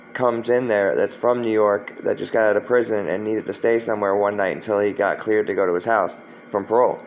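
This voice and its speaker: A man's voice: fairly low pitch, slight background noise, poor audio. Rambling profane man from Florida. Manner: rambling, profane, frequent fillers and restarts. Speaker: storyteller recounting his past. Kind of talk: casual spoken storytelling.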